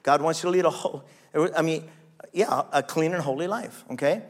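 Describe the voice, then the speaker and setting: A man's voice: on the high side, a little fast. A man preaching a sermon as pastor, reading scripture aloud and calling on the congregation for amens.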